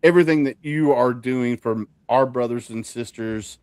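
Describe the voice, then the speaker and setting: A man's voice: medium pitch, normal speed, a little mellow, smooth, dry recording. A middle-aged man hosting a podcast, upbeat and enthusiastic with his guests. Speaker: podcast host. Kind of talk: casual interview chat.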